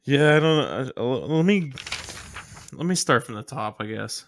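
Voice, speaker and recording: A man's voice: mid-range voice, animated, a little slow, creaky, a little hiss or hum. A man co-hosting a podcast, chatting in a laid-back way with laughing asides. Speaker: podcast co-host. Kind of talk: casual chat.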